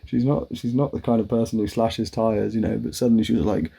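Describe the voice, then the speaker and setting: A man's voice: lowish voice, fairly even intonation, brisk, vocal fry, warm tone, husky. A man telling a rambling personal story in a casual monologue, swearing often and acting out his own quoted lines. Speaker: vlogger.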